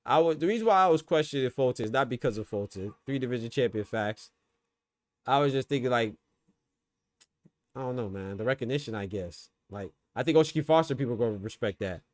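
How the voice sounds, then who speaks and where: A man's voice: medium pitch, lively intonation, brisk, no echo. A man hosting a boxing podcast, giving loose, slangy live fight commentary and talking to his chat.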